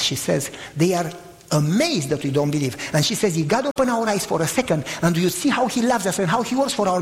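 Male preacher; high, lively voice, dramatic storyteller, reverberant church hall. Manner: animated, acts out voices, emphatic. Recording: long reverb of a large hall.

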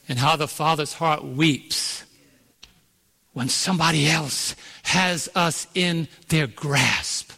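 A male preacher with a bright, forceful, somewhat high voice tells a story with strong emphasis. He stops to quiz his listeners and waits for them to call back the answer. A long reverb trails after each phrase. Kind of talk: sermon. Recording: long reverb of a large hall.

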